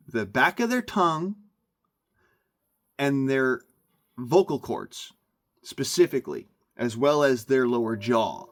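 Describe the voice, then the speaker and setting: Slow-talking man on a rambling rant. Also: mid-range voice, fairly bright tone. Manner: emphatic, meandering, repeats himself. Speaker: vlogger.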